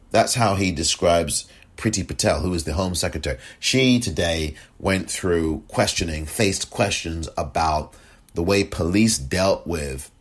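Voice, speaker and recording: A man hosting his own political podcast alone, talking in a chatty, effusive way and thanking listeners over and over. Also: deep voice. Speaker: podcast host. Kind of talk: solo political podcast monologue.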